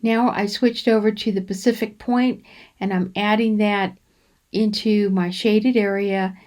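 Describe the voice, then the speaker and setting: A woman hosting a crafting channel narrates a relaxed coloring demonstration in a medium-pitched, flat, darkish voice. She talks in an unhurried, rambling way, with frequent ums and restarts.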